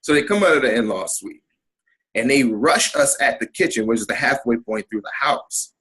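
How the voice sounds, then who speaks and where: A middle-aged man appearing as a guest on an interview podcast tells a personal story with lots of energy, acting out the people in it. His voice is husky, medium in pitch and moderately paced, and the recording is rough.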